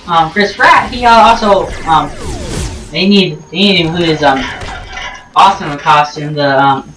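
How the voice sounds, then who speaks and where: A woman rambles through joking commentary over gameplay, drifting off topic and leaping up and down in pitch. Her voice echoes around a roomy space, picked up from a distant mic. Faint game music plays underneath. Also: a bit bright. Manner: joking, digressive, many ums and restarts, sudden jumps in pitch.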